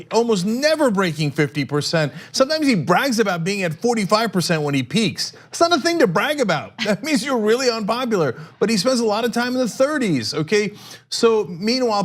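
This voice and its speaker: Sarcastic high-voiced male commentator. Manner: sarcastic, indignant. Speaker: political commentary host. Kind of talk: political commentary.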